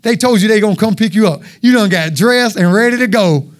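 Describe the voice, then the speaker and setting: A man delivers an animated, folksy sermon in a church, his voice pitched a bit high for a man. He talks straight to the congregation and acts out voices and sounds as he goes. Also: fairly quick. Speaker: preacher.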